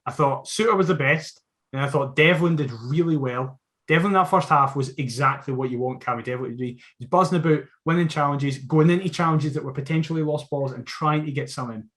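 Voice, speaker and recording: A man's voice: fairly high pitch, a little fast. Sweary Scottish man ranting about football. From Scotland. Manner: blunt, sweary, animated opinions. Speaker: podcast co-host. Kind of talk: casual football chat.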